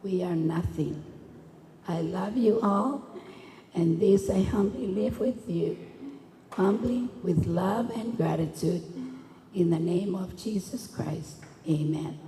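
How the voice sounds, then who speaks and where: A woman speaks at a funeral with earnest, preaching conviction. Her tone is mellow and low-key. The sound rings through an echoey church hall with faint noise beneath. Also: takes it slowly. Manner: earnest, preaching, switches languages. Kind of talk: religious funeral speech.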